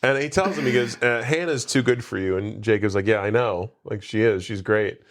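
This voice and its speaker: Speaking fairly quickly in a fairly low voice, a male podcast co-host recounts a film's plot in a casual recap chat, wandering through plenty of asides and quoted lines.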